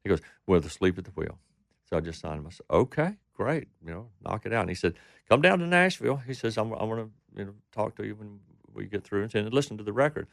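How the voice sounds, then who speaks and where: Low gravelly-voiced man telling stories. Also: fast, a little mellow, no room sound, clean studio sound. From Texas. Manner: rambling anecdotes with quoted voices. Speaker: guest, country singer. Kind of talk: storytelling interview.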